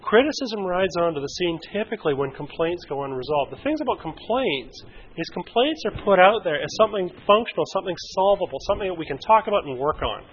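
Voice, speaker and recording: A man presenting a relationship workshop in a conversational way, lively, using vivid examples and asking his audience questions. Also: high voice, fast talker, slightly rough. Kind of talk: conversational teaching to a group. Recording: dull lo-fi recording.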